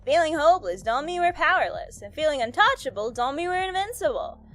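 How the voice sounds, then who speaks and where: A woman's voice: sits high, very animated, fairly quick, fairly bright tone, faint music behind. A woman voicing a cowboy vampire man, reading game lines in an exaggerated Western drawl. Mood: swaggering.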